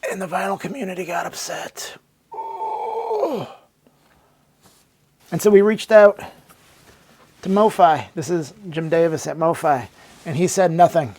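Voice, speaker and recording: A man's voice: fairly high pitch, normal speed, darkish tone, breathy edge. A man narrating a comedic, mock-dramatic retelling with sarcastic storytelling.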